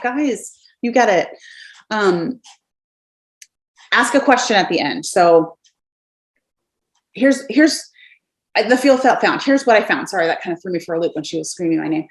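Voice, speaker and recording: A woman's voice: medium pitch, echoey room. A woman in her thirties coaching her sales team in a casual, upbeat way, acting out sample messages from her home office. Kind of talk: casual coaching talk to camera.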